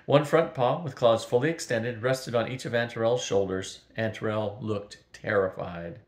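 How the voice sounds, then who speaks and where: An older grandfather reading a storybook aloud in a steady, even way, with the odd small slip. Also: on the low side, moderate pace. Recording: roomy echo.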